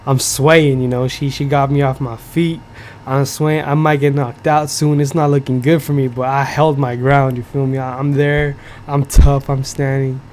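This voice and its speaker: A man's voice: medium pitch, little pitch movement, normal speed, darkish tone, slight background noise. A young man hosting a podcast, telling a story in casual chat. He swears a lot, fills his talk with "like" and keeps asking "you feel me". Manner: profane, filler-heavy, keeps checking in with "you feel me". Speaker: podcast host.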